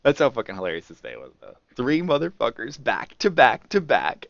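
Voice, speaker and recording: Security guy rambling his story, lotsa swearing and "like", lowish voice that jumps around, muffled dry audio. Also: huge pitch swings, fairly quick, gravelly, few pauses, fairly bright tone, no echo. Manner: rambling, profane, laughs a lot, full of "like". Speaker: store security worker. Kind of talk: casual vlog storytelling. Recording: dull lo-fi dry recording.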